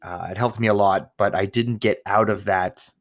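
A man's voice: lowish voice, fairly even intonation, moderate pace, no room sound, clean studio sound. A young man, a new father, talking casually and candidly to the camera, rambling, swearing often and laughing at himself. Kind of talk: casual personal monologue.

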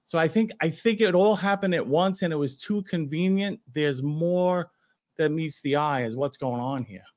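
A retired police officer from New York, whose voice runs on the high side at normal speed, co-hosts a casual talk show. He speaks emphatically and with strong opinions.

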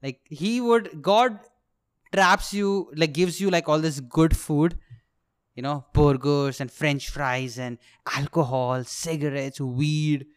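Telling a story in a comedic monologue, a young man with an Indian English accent, a podcast host and aspiring comedian, speaks slowly in a slightly high voice with a clear, resonant tone. He is animated, swears freely, and laughs at his own jokes.

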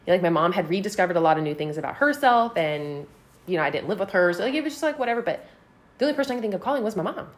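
A woman's voice: medium pitch, very fast. A woman telling a personal story on a casual podcast, swearing freely and filling her talk with "like". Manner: profane, animated, heavy use of "like".

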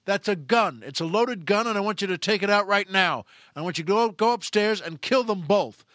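A man's voice: sits high, lively intonation, brisk, a bit bright, no echo, studio quality. A man playing a bullying crime boss on the phone, who barks threats and orders. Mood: menacing. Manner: threatening, bullying, pushy commands.

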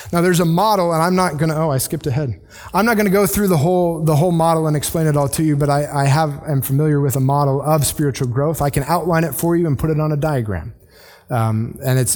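A man's voice: a little high, a little mellow. A male pastor preaching a conversational sermon in a church, often restarting his sentences and acting out quoted voices. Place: church sanctuary.

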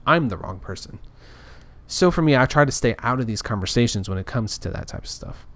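A man's voice: mid-range voice, animated, brisk, no echo. A man talking in a casual, rambling rant, frustrated and full of restarts. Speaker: podcaster. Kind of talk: casual ranting monologue.

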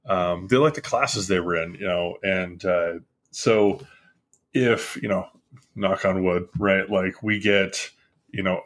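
A man's voice: deep voice, steady tone, slow pace. A man and parent talking casually, easygoing and thinking aloud. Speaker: parent discussing schooling. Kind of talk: casual conversation.

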